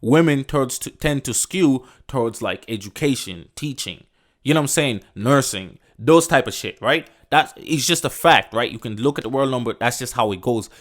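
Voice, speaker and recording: A man's voice: medium pitch, expressive, normal speed. A man hosting a podcast, ranting in a loose, profane, emphatic way and sprinkling in "bro" and "you know what I'm saying". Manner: loose, rambling, restarts sentences. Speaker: podcast host. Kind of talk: casual rant.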